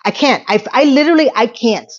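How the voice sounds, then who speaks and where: Her fairly high voice moves fairly quickly as she rambles through a casual recap of a TV show on her YouTube vlog. She comes across sarcastic and playfully exasperated, over slightly dull lo-fi audio.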